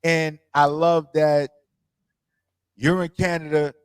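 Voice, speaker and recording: Upbeat New York host, dry close sound. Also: male voice, a little high, level tone, slow, smooth, no echo. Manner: loose, laughing, repeats words. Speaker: radio show host. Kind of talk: casual interview chat.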